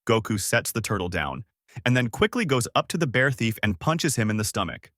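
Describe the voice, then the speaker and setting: A man narrating a fan-made story aloud in a plain, steady way. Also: mid-range voice, fairly quick, no room sound, studio quality. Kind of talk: reading fan fiction aloud.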